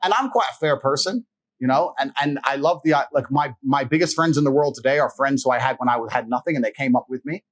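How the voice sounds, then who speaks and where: Medium-pitched and fast, a man on a podcast trades casual stories as a guest. His tales are boastful, brash, and profane, broken up by frequent laughter.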